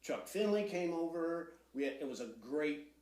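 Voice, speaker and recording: Man speaking calmly as interview guest. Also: on the high side, moderate pace, echoey room. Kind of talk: casual interview talk.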